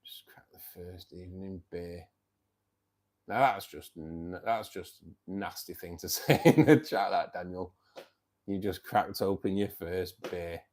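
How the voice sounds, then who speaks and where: A man's voice: low voice, unhurried, darkish tone. A man, tired and self-mocking, chatting casually and laughing often as host of a live stream. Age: 50s. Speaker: livestream host.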